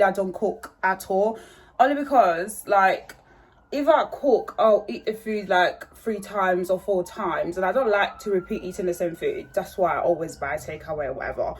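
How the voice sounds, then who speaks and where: A woman's voice: mid-range voice, breathy edge. A woman talking casually to camera in a vlog, rambling and chatty with many fillers, recorded on a handheld phone at home. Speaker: vlogger.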